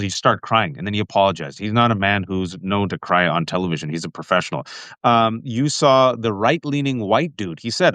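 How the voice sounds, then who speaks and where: A man's voice: fairly low pitch, fairly bright tone, dry recording. Impassioned man hosting a political talk show. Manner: impassioned, fast bursts, addresses viewers as folks. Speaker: podcast host.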